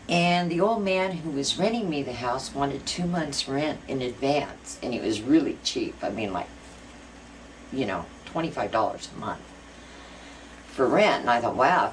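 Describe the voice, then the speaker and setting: A middle-aged woman with a rumbling low voice is interviewed, earnestly recounting a personal ghost story packed with fillers. Her voice is a bit far from the mic, with slight background noise and faint music.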